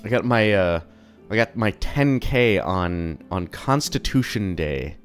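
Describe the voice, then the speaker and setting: Streaming from his desk at home, a young man rambles and swears casually, often poking fun at himself in a casual live-stream chat. His slightly low voice sounds a bit sick, with lively intonation and a slow pace, while faint music plays underneath.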